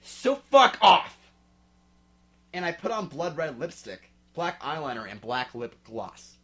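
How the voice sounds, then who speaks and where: A young man giving a comic dramatic reading, sniffly, swinging from mumbling to shouting. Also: mid-range voice, expressive, moderate pace. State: drinking, sniffly. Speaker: reader.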